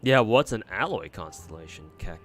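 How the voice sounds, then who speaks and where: Male streamer with a fairly low voice; loose, sweary, rambling gameplay chatter. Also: very animated, normal speed, over music. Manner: rambling, profane, frequent fillers and restarts. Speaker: game streamer. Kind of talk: casual gameplay commentary.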